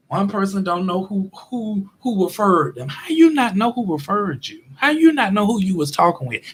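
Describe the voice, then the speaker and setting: High-voiced husky man ranting. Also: moderate pace, hardly any pauses. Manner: animated, exasperated, acts out both sides of dialogue. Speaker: show host. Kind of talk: casual storytelling rant.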